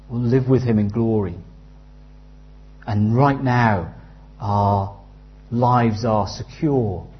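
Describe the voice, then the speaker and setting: A man in his thirties preaching a sermon earnestly, dropping to a hush and rising loud as he tells stories. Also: mid-range voice. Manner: earnest, with big swings from hushed to loud in anecdotes. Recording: slightly dull, lo-fi sound.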